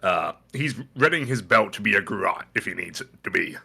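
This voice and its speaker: A man's voice: on the low side, expressive, brisk, creaky, bright, forceful tone, husky. A man playing a tabletop game, talking in a put-on Southern drawl with stammered restarts. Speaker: player. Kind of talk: casual chat, playing a character.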